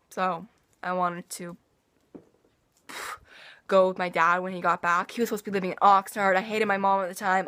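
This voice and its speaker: A woman's voice: mid-range voice, a bit bright. A teenage girl talking straight to her camera in a loose, rambling vlog. She drifts through her story with sighs, restarts and little asides, in an easy, everyday voice. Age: teens. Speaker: vlogger. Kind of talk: casual personal vlog.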